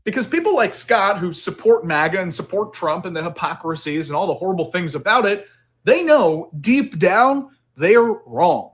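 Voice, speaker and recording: A man's voice: high voice, moderate pace. A man giving online political commentary, laying out his argument step by step. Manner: steady, argumentative.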